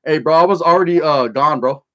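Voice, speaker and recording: A man's voice: a little high, brisk, a bit bright. A middle-aged man from California hosting a casual livestream, reading chat and telling stories in streetwise slang with plenty of swearing.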